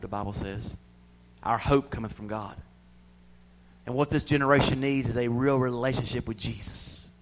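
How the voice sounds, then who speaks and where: A middle-aged man preaching a sermon, swinging between loud pleading and soft near-whispers. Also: medium pitch.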